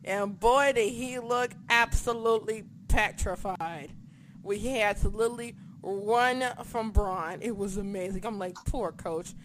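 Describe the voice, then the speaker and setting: Host type: lively, foul-mouthed recap talker who yelps out their reactions, faint hiss behind. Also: mid-range voice, unhurried. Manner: excitable, swears, acts out reactions. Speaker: podcast co-host. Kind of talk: casual wrestling recap chat.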